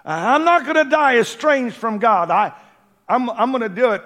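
A man voicing a procrastinating churchgoer who keeps promising to change someday, halting and earnest. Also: very high-pitched, animated, bright, forceful tone, in a large hall, pitched above the performer's own voice, full character voice. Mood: earnest pleading.

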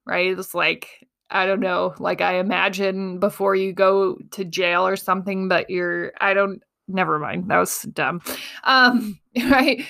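A woman's voice: medium pitch, fairly even intonation, unhurried, gravelly, a bit bright, smooth. A woman in her thirties telling a personal story in casual chat, laughing often and acting out the voices of people she quotes. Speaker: podcast host.

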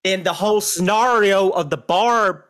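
A woman's voice: mid-range voice, moderate pace. A woman playing a tabletop game who speaks in a profane, emphatic, ranting way. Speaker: player. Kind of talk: in-character play in a tabletop game.

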